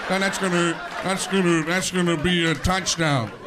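A man's voice: high-pitched, steady tone, normal speed, noisy background, natural voice. A man doing an impression of a rambling football commentator who stammers and repeats filler words, on stage before a live audience. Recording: live comedy show with crowd.

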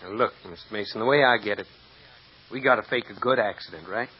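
A folksy stunt driver, drawling, old radio play. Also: male voice, lowish voice, fast, slightly rough. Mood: easygoing. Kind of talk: 1950s radio drama acting. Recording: muffled old radio recording with hiss.

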